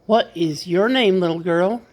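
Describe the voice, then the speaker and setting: A woman's voice: lowish voice, measured pace, darkish tone. A grandmother talking baby talk to her toddler grandchild in a playful, coaxing, sing-song way.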